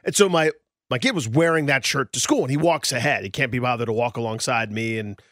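Male radio co-host, rapid animated storyteller, dry studio sound. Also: medium pitch, no echo. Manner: animated storyteller, acts out quoted voices. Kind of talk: casual sports radio banter.

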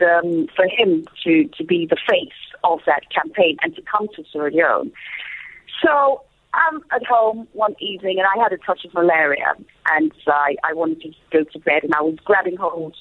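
Lively female guest, husky voice, phone-line sound, animated storytelling. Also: on the low side. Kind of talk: casual storytelling on a call. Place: at home in Sierra Leone.

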